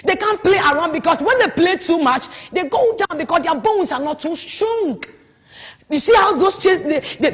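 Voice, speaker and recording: Woman preacher, high voice, animated delivery, long hall reverb. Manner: animated, swings from soft to loud exclamations. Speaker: prophetess. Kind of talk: preaching at a marriage conference.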